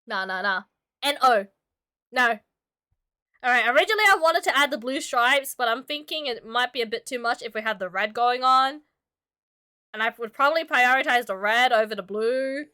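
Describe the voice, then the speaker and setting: Her voice is fairly high, brisk, smooth, and pushed bright. This streamer and illustrator draws while chatting casually with her audience, full of giggles and filler words, coughing occasionally because she's ill.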